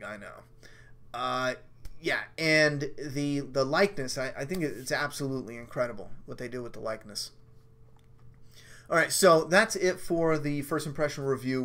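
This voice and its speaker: A man's voice: mid-range voice, a bit bright. A man hosting a casual live stream review, rambling, cursing freely and poking fun at himself. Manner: rambling, profane and self-mocking. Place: at home during a storm.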